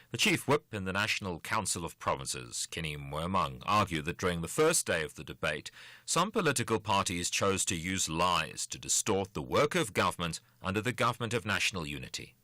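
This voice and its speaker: Very deep, bright-toned male newsreader, dry studio, measured and formal. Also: no echo. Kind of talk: radio news bulletin.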